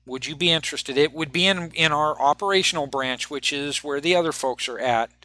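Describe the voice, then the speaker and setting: A man playing a stern, soft-spoken team handler. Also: on the high side, brisk, dry recording. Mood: formal. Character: stern male handler of an agents' team, rarely smiles.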